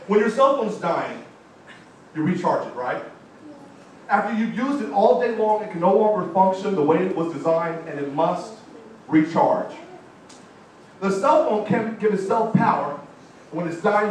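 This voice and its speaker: High-voiced man giving an animated speech. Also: a little hiss or hum. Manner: animated storytelling with audience call-outs. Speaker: motivational speaker. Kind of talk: live motivational speech. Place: large college event hall. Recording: echoey hall, distant mic.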